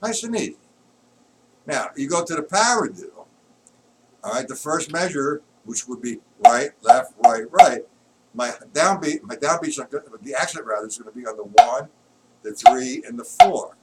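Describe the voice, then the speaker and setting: A man teaching drums in a live-streamed lesson, explaining patterns patiently and counting beats aloud loudly while he plays. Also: mid-range voice, animated, normal speed, very noisy. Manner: explains patiently, checks if students follow. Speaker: drum teacher. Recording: distant mic with loud drumming.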